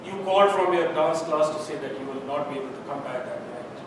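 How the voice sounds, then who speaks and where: A man plays a distraught father who stammers and repeats himself as he retells the night. His voice sits high. It is caught from a distance in a very echoey room, with steady hiss and a low rumble behind. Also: lightly acted. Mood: sorrowful. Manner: halting, stammering, repeating words. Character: anguished father telling of a night with his daughter. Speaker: stage actor in rehearsal. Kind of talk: stage drama rehearsal. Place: rehearsal room.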